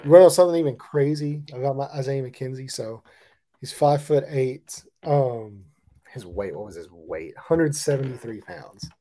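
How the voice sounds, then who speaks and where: A man's voice: medium pitch, normal speed, mellow. A man co-hosting a casual sports podcast, rambling and padding his talk with fillers. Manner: rambling, hedges with "like" a lot. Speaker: podcast co-host.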